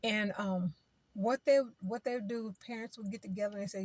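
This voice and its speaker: A woman's voice: mid-range voice, steady tone, moderate pace, darkish tone. A woman giving spiritual advice in an informal, preaching way, talking in a chatty style that repeats phrases and acts out what other people say.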